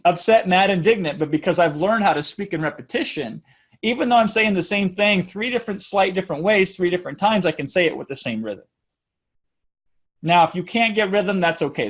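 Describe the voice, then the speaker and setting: Man, fairly high voice, lively speaking coach, chants examples to show rhythm. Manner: animated, demonstrates rhythms by chanting and sounding out beats. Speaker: public speaking teacher. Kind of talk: teaching talk on speech delivery.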